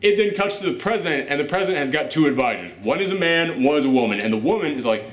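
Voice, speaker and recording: A man hosting a casual movie reaction chat, animated and profane, laughing often. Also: fairly high pitch, fast talker. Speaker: host of a movie reaction show. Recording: roomy echo.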